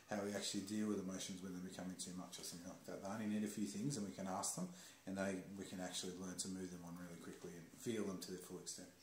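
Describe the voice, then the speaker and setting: A man calmly explaining ideas in a measured, teacher-like way during a casual talk. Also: low voice, a little hiss or hum. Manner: calm, slow, explaining like a teacher. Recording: roomy echo.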